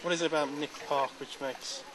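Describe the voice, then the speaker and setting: A man working as a reporter, asking brisk interview questions outdoors at a public event. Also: on the high side, steady tone, low-quality recording. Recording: crowd chatter behind. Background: crowd.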